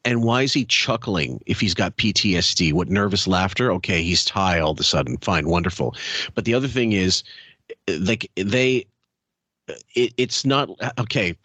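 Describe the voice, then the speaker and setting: A man co-hosting a podcast, chatting in a crude, joking way with quick laughs. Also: low-pitched, sharp tone, no room sound. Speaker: podcast co-host. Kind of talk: casual podcast commentary.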